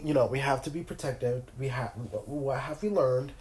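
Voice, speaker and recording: A young man with a cold talks from his bed, his nasal voice mellow and a little dark. He rambles through a casual solo podcast, stumbling over restarts and fillers. The room around him gives a noticeable echo. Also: mid-range voice, moderate pace. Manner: rambling, filler-heavy, self-interrupting. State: sick with a cold. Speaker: podcast host. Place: in bed at home.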